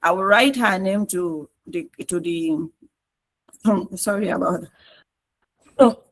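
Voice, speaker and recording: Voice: mid-range voice, slow pace, low-quality recording. A trainer with a Nigerian English accent gives a step-by-step online tutorial, repeating points and checking that listeners follow. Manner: repetitive, coaxing instruction with frequent checks on listeners.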